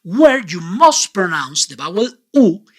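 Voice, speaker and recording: A man teaching Spanish pronunciation in an online lesson, with a clear, deliberate delivery and frequent quiz questions to the viewer. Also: high voice, big pitch swings.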